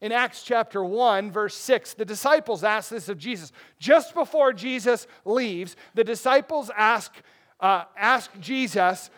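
A man's voice: high-pitched, lively intonation, unhurried, fairly bright tone. A man preaching a sermon, reading scripture verses with earnest emphasis and a few self-corrections. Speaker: pastor.

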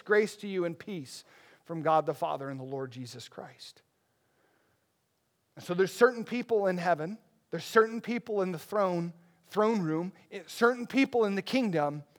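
High-voiced man preaching a sermon. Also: a bit bright. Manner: earnest, emphatic Bible reading with self-corrections. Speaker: pastor.

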